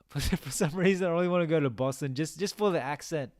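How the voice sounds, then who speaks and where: A man's voice: a little high, a little fast, a little mellow, no room sound, clean studio sound. A young man chatting casually on a game live stream, reading out viewer comments and musing aloud.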